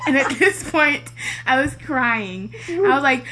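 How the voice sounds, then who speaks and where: Speaking slowly in a high-pitched voice, a young woman shares a family story in casual chat. She animates it by performing the quoted voices and laughs often along the way.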